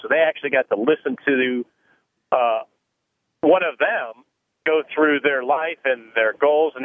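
Casting note: male phone-in guest, explains carefully with restarts, mid-range pitch, tinny phone-line sound. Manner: explanatory, thoughtful, frequent restarts. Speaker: retirement planning guest. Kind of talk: phone interview.

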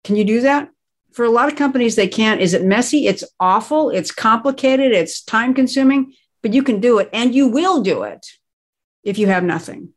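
A woman's voice: fairly high pitch, expressive, moderate pace. Emphatic woman explaining crisis planning. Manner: emphatic, explanatory, stresses key words. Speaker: guest expert on crisis planning. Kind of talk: conversational interview.

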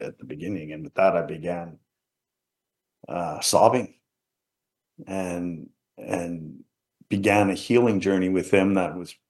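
Middle-aged man, low and deep, earnest and halting, sharing a personal story as an interview guest. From England, around Liverpool. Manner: earnest, halting, often trailing off quietly.

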